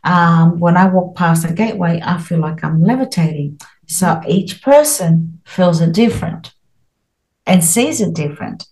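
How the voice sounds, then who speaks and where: A woman's voice: fairly low pitch, expressive, unhurried, darkish tone, rough recording. A middle-aged woman as an interview guest, talking earnestly and at length, with many restarts and fillers. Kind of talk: interview, spiritual experiences.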